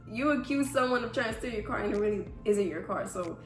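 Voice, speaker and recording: A woman's voice: medium pitch, animated, fairly quick, faint music behind. A young woman chatting casually in a vlog Q&A, rambling through a story. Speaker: YouTuber. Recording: echoey room.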